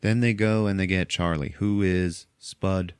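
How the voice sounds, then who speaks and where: A low-voiced man hosts a podcast, retelling a movie in a loose, chatty way. He laughs often, swears casually and slips into the characters' lines. His voice is close and dry. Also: fairly even intonation, a little slow, clear, resonant tone, no room sound. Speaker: podcast host.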